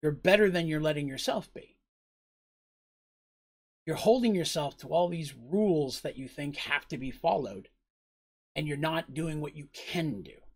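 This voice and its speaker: A man's voice: fairly high pitch, lively intonation, measured pace, pauses often, slightly rough, heavily acted. A man voicing a blunt, serious male warrior mentor who lectures frankly. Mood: lecturing.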